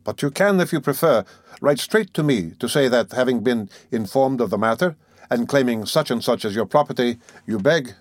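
A man voicing a calm, quietly ironic middle-aged magistrate who speaks coolly. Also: mid-range voice, moderate pace, no echo, close to an everyday voice.

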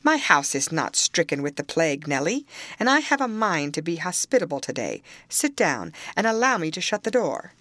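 A woman's voice: low voice, very animated, moderate pace, fairly bright tone, no echo. A woman reading the part of a harsh, mocking middle-aged man with curbed ferocity in an audiobook. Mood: scornful. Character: harsh, scornful middle-aged male landowner.

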